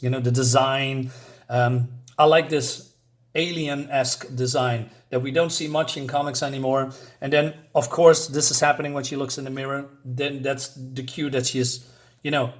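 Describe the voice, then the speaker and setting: A man reviewing a comic book in a casual, rambling way, filling his talk with "you know" as he goes through the panels. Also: medium pitch.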